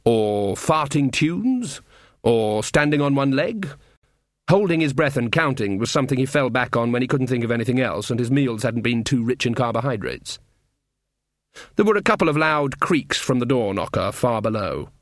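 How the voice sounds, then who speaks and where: A man reading a comic novel aloud in a wry, deadpan narration. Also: mid-range voice, dry recording, clean studio sound. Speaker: audiobook narrator. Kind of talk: scripted narration.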